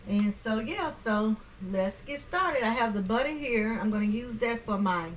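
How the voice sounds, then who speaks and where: A woman's voice: fairly high pitch, animated, normal speed, a little hiss or hum. Woman hosting a home cooking video, easygoing talk full of ums, with a light sizzle behind her. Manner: homey, chatty, many fillers and restarts. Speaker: cooking channel host. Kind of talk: casual home cooking tutorial. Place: home kitchen.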